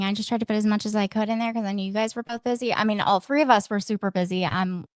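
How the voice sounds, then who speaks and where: A woman's voice: mid-range voice, a little hiss or hum. A young woman co-hosting a casual political podcast, talking in a chatty, matter-of-fact way. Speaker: podcast co-host.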